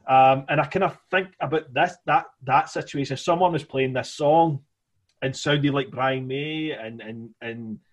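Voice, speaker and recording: A man's voice: medium pitch, a little slow. A man with a Scottish accent co-hosting a podcast in casual chat, rambling with lots of "you know" fillers. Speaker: podcast co-host.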